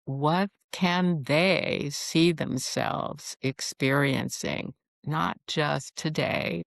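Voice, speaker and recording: Woman psychologist, middle-aged, slow measured delivery, gravelly texture, dry close sound. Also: low-pitched, dry recording. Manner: calm, measured explaining. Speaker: psychologist guest. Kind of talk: podcast interview.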